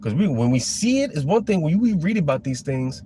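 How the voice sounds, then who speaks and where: Rambling man preaching casually, warm dark tone. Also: on the high side, big pitch swings, brisk, a little hiss or hum. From Florida. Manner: loose, rambling, with frequent fillers and restarts. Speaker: religious commentator.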